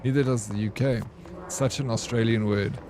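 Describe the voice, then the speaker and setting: A man's voice: mid-range voice, fairly even intonation, normal speed, crowd noise. A young man, chatting with his viewers while streaming a game and greeting them by name. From South Africa. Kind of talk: casual live-stream chat.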